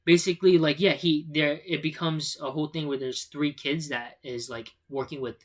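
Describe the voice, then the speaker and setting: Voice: mid-range voice, steady tone, moderate pace. A young adult podcast co-host retelling a film in casual chat, rambling with many fillers.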